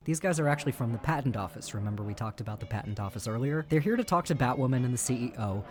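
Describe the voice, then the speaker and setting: A woman's voice: extremely low pitch, expressive, rapid-fire, few pauses, a little mellow, slightly rough. Sarcastic woman riffing on a bad movie. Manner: sarcastic, exasperated. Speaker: movie reviewer.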